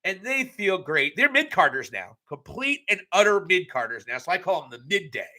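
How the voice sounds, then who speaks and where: A man's voice: high voice, big pitch swings, moderate pace, bright, forceful tone. A young adult man giving a casual live recap of a wrestling show, blunt and profane with joking asides.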